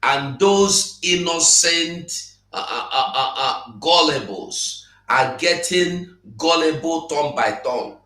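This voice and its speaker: Nigerian guy, slow and repetitive, bright sharp voice, roomy echo. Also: a little high, animated. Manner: repetitive, hesitant with fillers, then forceful. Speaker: guest speaker. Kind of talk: impassioned address in an online broadcast.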